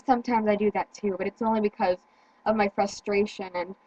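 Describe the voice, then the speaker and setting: A teenage girl in casual chat, speaking earnestly with halting restarts and repeated words. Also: mid-range voice, steady tone, a little mellow, no echo, lo-fi sound. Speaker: teen vlogger.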